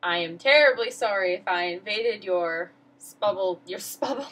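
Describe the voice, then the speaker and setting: A woman's voice: medium pitch, measured pace, a bit bright, poor audio. A teenage girl vlogging, telling a story in a rambling, flustered, self-mocking way. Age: teens. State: emotional. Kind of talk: casual storytelling vlog.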